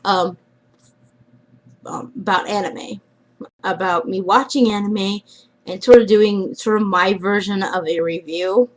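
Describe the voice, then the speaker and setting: A young woman chatting casually in a vlog, rambling and trailing off, often dropping into quiet mumbles. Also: mid-range voice, steady tone, a little slow, pauses often, low-quality recording. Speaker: vlogger.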